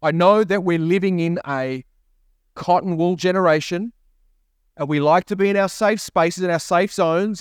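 A man's voice: high-pitched, moderate pace, clear, resonant tone, no room sound, studio quality. A man preaching a sermon as a pastor, repeating key phrases and asking rising questions. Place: church.

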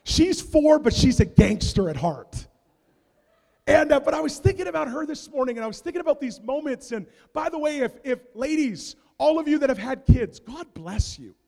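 A man with a fairly high voice preaches in a big hall, and his words ring out with a long echo. He tells his story with comic energy, going from quiet asides to loud bursts. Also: normal speed, creaky. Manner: animated comic storytelling, big swings in loudness. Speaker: pastor. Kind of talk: sermon. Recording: long reverb of a large hall.

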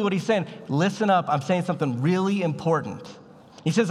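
A man's voice: high-pitched, a little fast, darkish tone, long reverb tail. A man preaching a sermon as a pastor, in a casual, conversational way with bits of slang. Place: church sanctuary.

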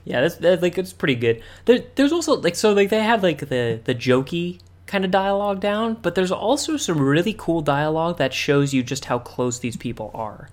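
A man's voice: fairly high pitch, very animated, normal speed, few pauses. A man co-hosting a podcast in casual chat, often stumbling over and repeating words with a wry tone. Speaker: podcast co-host.

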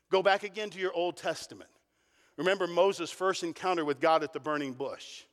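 Animated preacher in a reverberant hall. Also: male voice, fairly high pitch. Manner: animated preaching, storytelling with emphatic repetition. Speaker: pastor. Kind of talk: sermon. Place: church sanctuary. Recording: long reverb of a large hall.

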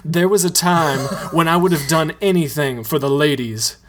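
A man's voice: fairly high pitch, normal speed, fairly bright tone, lightly acted. A man voicing a dejected, self-pitying young male dancer in a comedic story reading. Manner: mopey, choked.

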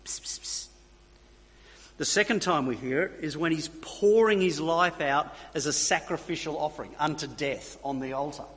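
A man's voice: fairly high pitch, normal speed, few pauses, fairly bright tone, husky. A man preaching a sermon, emphatic, repeating key phrases and checking in with his listeners. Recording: long reverb of a hall.

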